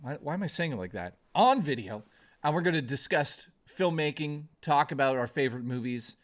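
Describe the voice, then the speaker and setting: A man's voice: a little high, expressive, a little fast. A man hosting a live stream in a jokey, rambling way, greeting chat viewers by name.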